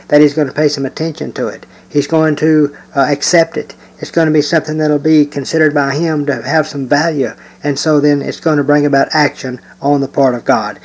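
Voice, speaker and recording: A man teaching a Bible lesson, explaining verses in a measured way with occasional hesitant fillers and reading scripture aloud slowly. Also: fairly high pitch, a little mellow, poor audio.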